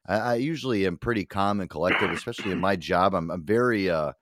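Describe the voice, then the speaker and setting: A man's voice: low-pitched, fast talker, fairly bright tone, no room sound, clean studio sound. A middle-aged man co-hosting a casual podcast, telling a workplace story full of profanity and acted-out quotes. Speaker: co-host.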